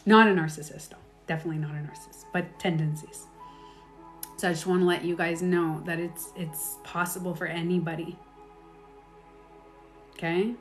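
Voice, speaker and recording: A woman life coach giving candid, animated advice in casual talk, with her own stories and laughter. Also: on the low side, normal speed, long pauses, faint music behind.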